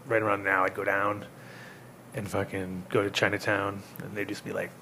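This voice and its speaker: Gravelly, low-voiced chatty man. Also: flat delivery, moderate pace, pushed and bright, slight background noise. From Rhode Island. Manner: rambling, laughing, swearing storyteller. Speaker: host. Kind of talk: casual storytelling chat.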